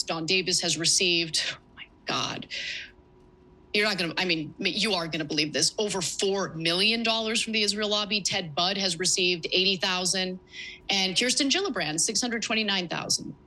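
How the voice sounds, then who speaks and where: A woman's voice: lowish voice, moderate pace, pushed and bright, rough recording. A woman hosting a news commentary, reading report excerpts aloud with emphatic, sarcastic asides. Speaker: political commentator.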